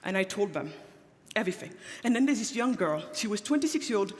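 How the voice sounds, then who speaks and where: A woman's voice: medium pitch, sing-song, quick pace. A middle-aged woman from Africa, an entrepreneur giving a conference keynote, stressing her points by repeating key phrases. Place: large conference hall on a stage. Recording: long reverb of a large hall.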